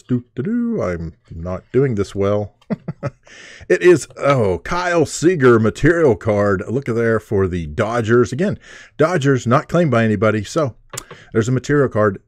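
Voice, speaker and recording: A man's voice: mid-range voice, no echo, clean studio sound. A man hosting a live-streamed trading card break, calling out each card and who gets it, and gushing when he pulls a good one. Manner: excitable, gushing over pulls, filler-heavy; calls out cards and owners in a running list.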